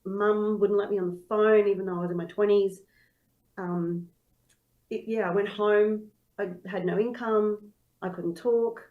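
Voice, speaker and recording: A woman's voice: mid-range voice, steady tone, unhurried, narrow, tinny audio. A woman who is a singer and singing teacher, telling her story in a casual interview and acting out her own past thoughts.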